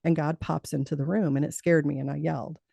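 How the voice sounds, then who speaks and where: A middle-aged woman speaks as an interview guest, sharing her own story earnestly and acting out the voices she remembers. Her voice is low and mellow with a gravelly edge, and the recording is close and dry with no room sound. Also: fairly even intonation, fast, dry recording. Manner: earnest, acts out quoted dialogue. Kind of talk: personal storytelling in conversation.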